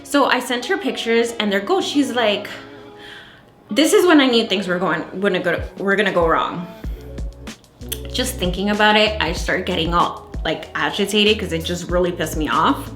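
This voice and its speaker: A woman candle maker telling a story in a casual, animated, exasperated way, acting out the dialogue. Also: mid-range voice, moderate pace. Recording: echoey room, faint music.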